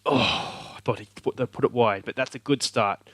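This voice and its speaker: Animated Australian man commentating a game. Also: medium pitch, moderate pace, dry recording. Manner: animated, cheering at the screen. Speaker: video game let's play host. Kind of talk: excited gameplay commentary.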